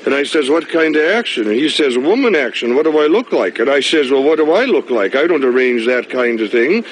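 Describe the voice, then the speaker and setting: An actor playing a small-town Midwestern bartender who tells a story in a flat, plain-spoken way. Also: male voice, mid-range voice, fairly quick, slight background noise, natural voice, rough recording. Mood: deadpan. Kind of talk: film dialogue.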